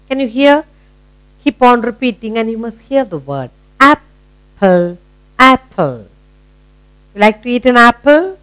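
A middle-aged woman with an Indian English accent teaching a phonics lesson to children, encouraging them and repeating each word slowly. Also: fairly high pitch, low-quality recording. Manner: slow, sing-song, encouraging, repeating words.

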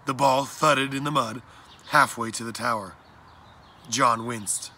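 A man reading a children's adventure story aloud in a plain, steady narration. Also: medium pitch, a little hiss or hum. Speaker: audiobook reader.

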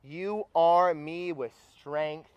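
A young adult man preaching a sermon at a campus retreat, energetic and rallying the crowd. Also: on the high side, extremely slow, clear, resonant tone, highs cut off.

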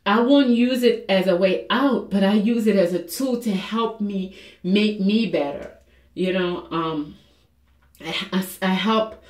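A woman with a mid-range, somewhat dark voice speaks candidly and emotionally in a personal fitness vlog. She sounds earnest and confessional, using lots of fillers, and the room is echoey.

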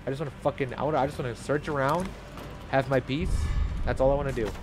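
A man doing live gameplay commentary as a streamer, profane and frustrated, breaking into loud shouts. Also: mid-range voice, fairly even intonation, fast talker, music in the background. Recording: noisy stream audio.

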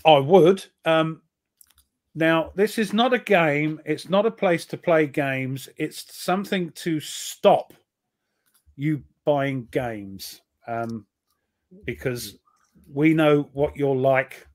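A man's voice: on the high side, slow pace. A middle-aged British man co-hosting a casual live stream, teasing with dry jokes. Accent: British English. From Britain. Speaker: co-host.

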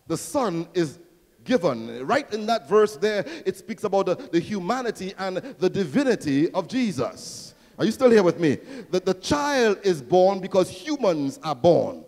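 A male pastor delivers a rousing sermon, rising toward near-shouts and throwing questions to his congregation. His voice sits high for a man. It rings out with the long reverb of a large church hall. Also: big pitch swings, normal speed. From Trinidad and Tobago. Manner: rousing preaching, swells to near-shouting, call-and-response questions.

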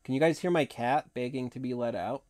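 A hoarse man hosting a casual live stream, chatting in a rambling way and laughing often. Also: medium pitch, brisk, a little mellow, dry recording, clean studio sound. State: hoarse from long talking.

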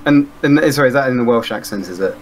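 A man's voice: mid-range voice, fast talker, background noise. A man playing in a tabletop game, teasing and joking. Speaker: player.

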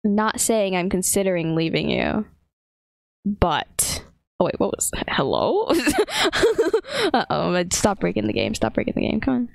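A woman's voice: mid-range voice, wildly swooping pitch, takes it slowly, vocal fry, no room sound. A woman giving casual gameplay commentary, laughing often and exclaiming in playful panic. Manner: giggly, frequent bursts of laughter. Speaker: gaming video creator.

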